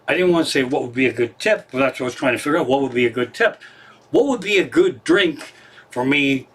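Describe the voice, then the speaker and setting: A man's voice: fairly high pitch, fairly bright tone, breathy edge. A middle-aged man, a comedian, telling a rambling, profane story in a casual live stream from his living room.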